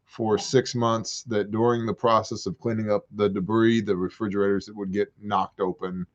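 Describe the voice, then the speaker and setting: The host, a man with a fairly low pitch, talks at a normal speed on a recording missing its upper frequencies. He runs a porch livestream answering prepper questions, reading comments aloud with jokes and animated storytelling.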